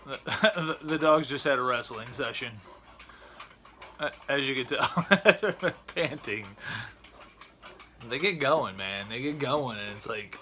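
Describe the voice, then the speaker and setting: Bright-voiced rambling male vlogger. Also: medium pitch, lively intonation, slow, long pauses, a little hiss or hum. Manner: rambling, stumbling over repeated words; chatty, talking straight to viewers. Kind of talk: casual vlog chat.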